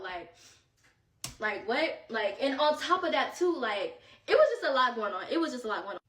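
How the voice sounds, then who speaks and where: A woman with a slightly high voice tells a chaotic trip story in a loose, slangy storytime style, sounding exasperated and a little out of breath. She is recorded in an echoey room with the mic set some way off. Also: moderate pace, recorded from a distance. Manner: animated, slangy, exasperated retelling. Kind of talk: casual storytime.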